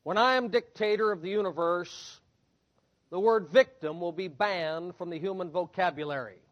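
A man's voice: high-pitched, normal speed, highs cut off. A man preaching a sermon in an emphatic, repetitive cadence that builds through lists and rhetorical questions.

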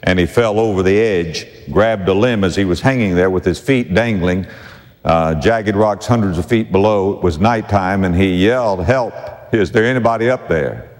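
A man preaching a sermon, repeating key phrases with slow emphasis. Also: sits low, a little mellow, big-room sound. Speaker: pastor.

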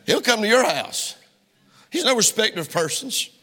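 At normal speed, a male pastor preaches in a high, bright, sing-song voice. His sermon in the church sanctuary is impassioned, full of rhetorical questions to the congregation, and the recording has the long reverb of a church hall.

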